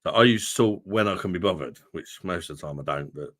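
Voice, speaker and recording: A man's voice: low-pitched, brisk, no echo, studio quality. A man from London with a London accent, hosting a beer livestream and bantering casually with viewers in laid-back, sweary chat. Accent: London English. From London, England. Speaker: host of a beer review livestream.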